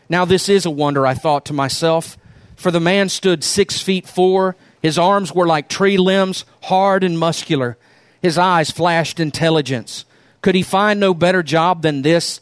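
A male pastor closing his sermon by reading a story aloud in an earnest, unhurried way. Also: on the high side, smooth, dry recording.

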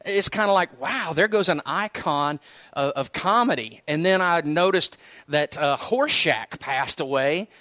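High-voiced man preaching a casual sermon. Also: a little slow, no room sound. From United States. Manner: conversational, animated storytelling with repeated words. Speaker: pastor.

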